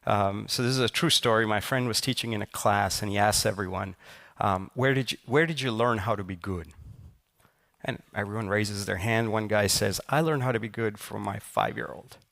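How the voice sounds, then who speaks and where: A man from Silicon Valley, likely in his thirties, giving a conversational conference talk with personal stories, with many pauses and restarts. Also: fairly low pitch, vocal fry, a bit bright. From Silicon Valley, United States. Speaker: conference speaker. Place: conference stage.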